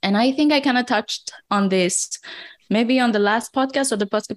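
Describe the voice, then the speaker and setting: A woman co-hosting a podcast, speaking in an unhurried, reflective way in casual chat. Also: fairly high pitch. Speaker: podcast co-host.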